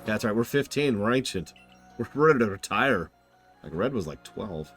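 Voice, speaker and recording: A male streamer talking over gameplay with a low voice and a very lively pitch. He is animated and sarcastic, and cracks jokes as he plays. Faint music runs underneath. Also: moderate pace. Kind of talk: casual gameplay commentary.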